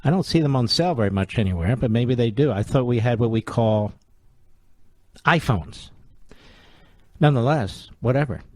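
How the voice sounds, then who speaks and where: A male talk radio host at mid pitch, sarcastic and combative, firing off rhetorical questions. His voice is close and dry, with no room sound around it. He keeps up a steady opinion monologue. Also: moderate pace, pauses often, dry recording.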